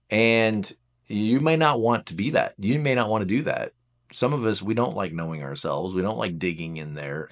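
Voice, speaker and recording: A man giving a casual explanatory talk, animated and self-deprecating, often acting out quoted speech with big jumps in his voice. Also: low voice. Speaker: teacher.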